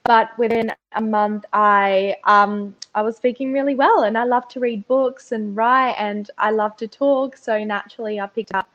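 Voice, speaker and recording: A young Russian-born woman whose accent is Australian with a faintly posh edge. She chats easily and laughs often, her voice pitched a little high. The recording sounds dull and lo-fi. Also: steady tone, moderate pace, hardly any pauses, fairly bright tone. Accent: Australian with a slight posh tinge. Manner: chatty, laughs between phrases. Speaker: guest, pageant finalist. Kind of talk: casual interview conversation.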